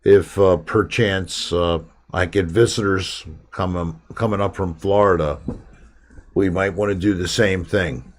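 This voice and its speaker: A man's voice: deep voice, steady tone, a little slow. A man hosting a live stream, chatting casually and rambling from topic to topic with his viewers.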